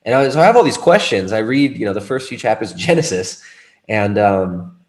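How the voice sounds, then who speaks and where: A man with a fairly low voice tells a personal story in casual conversation. He rambles, starts over often and keeps it animated as he goes. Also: fairly quick. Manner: rambling, animated, with restarts and laughs.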